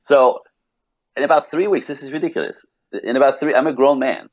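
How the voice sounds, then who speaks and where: A man, a podcast guest, telling a long personal story in an animated, rambling way full of restarts. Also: mid-range voice, a little fast, no room sound, lo-fi sound. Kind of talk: casual podcast conversation.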